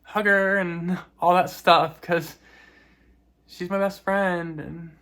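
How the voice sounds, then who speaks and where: A woman talking in a personal vlog, soft and reflective, grieving, with small laughs between her words. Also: on the low side, fairly even intonation, takes it slowly. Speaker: vlogger.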